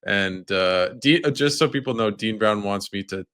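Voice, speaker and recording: Quiet soft-spoken man, bright tone. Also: lowish voice, moderate pace. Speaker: podcast host. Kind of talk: casual sports podcast chat.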